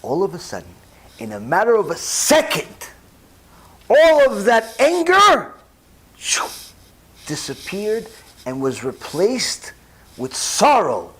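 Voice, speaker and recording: A rabbi giving a sermon, telling stories with emphatic repetition and animated delivery. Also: male voice, on the high side, measured pace, breathy edge. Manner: repeats phrases for emphasis.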